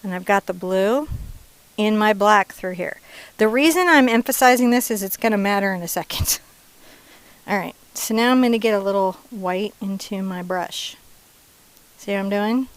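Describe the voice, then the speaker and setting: A woman's voice: mid-range voice, moderate pace, no room sound, low-quality recording. Casting: woman painting instructor, chatty and playful, mid-range voice, casual step-by-step lesson. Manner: chatty and playful, drops into soft asides.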